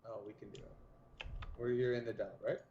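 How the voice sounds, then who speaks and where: A man's voice: mid-range voice, flat delivery, brisk, narrow, tinny audio, background noise. A man streaming a video game, chatting casually with dry joking quips. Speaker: streamer co-host. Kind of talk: casual chat while gaming.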